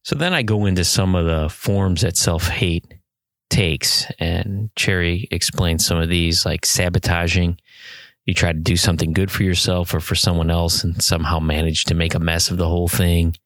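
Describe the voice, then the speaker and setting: A man giving a talk to an audience, reading excerpts from a book and listing points in a measured way with small fillers. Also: low voice, fairly even intonation, fairly bright tone, dry recording.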